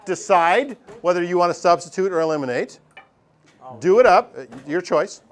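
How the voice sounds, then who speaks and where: A man teaching a math class, lively and joking as he talks straight to his students in a classroom. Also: high voice, normal speed. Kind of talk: classroom lesson.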